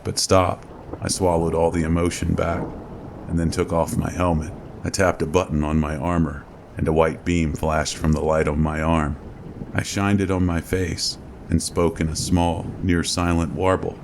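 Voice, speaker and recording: Very deep gravelly male horror narrator. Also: a little mellow, a little hiss or hum. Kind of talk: scripted narration.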